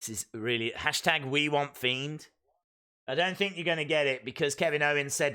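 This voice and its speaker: High, bright-voiced man reacting live. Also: moderate pace, clear, resonant tone. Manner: excitable, reacting as it happens, calling moves. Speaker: live stream host. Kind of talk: live watch-along reaction commentary.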